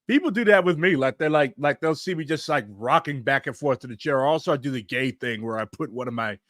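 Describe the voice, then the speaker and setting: A man's voice: medium pitch, brisk, a bit bright, no room sound, studio quality. A man hosting a podcast, chatting casually and teasing his guest with jokes. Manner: teasing, joking. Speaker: podcast host. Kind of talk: casual chat.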